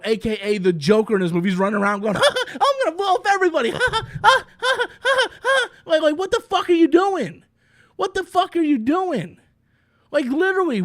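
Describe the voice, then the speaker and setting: A man with a strikingly high voice tears into a film in a sarcastic, profane rant. He sounds fed up and mocking as he reviews it. The sound is dry and close, with no room echo. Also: fairly bright tone. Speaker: movie reviewer. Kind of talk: ranting movie review.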